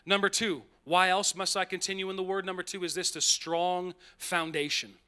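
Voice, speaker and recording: A man preaching a sermon as pastor, animated and emphatic, slowing down on key phrases and tossing in playful asides. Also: sits high, clear, resonant tone.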